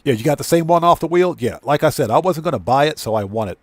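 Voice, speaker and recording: A man's voice: a little high, expressive, quick pace, no room sound. A man hosting a casual gaming live stream, chatting with viewers and thanking them at length. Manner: laughs easily while signing off.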